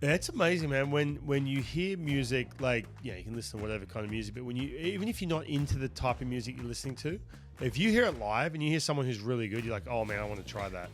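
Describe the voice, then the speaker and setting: A man with an Australian accent hosting a casual podcast interview in a studio, chatty and quick to laugh. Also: medium pitch, expressive, soft background music. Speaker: podcast host.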